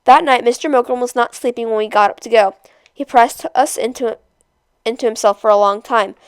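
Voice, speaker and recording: A woman reading a novel aloud chapter by chapter, in a steady, measured storytelling voice. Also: a little high, smooth, dry recording. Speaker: storybook reader.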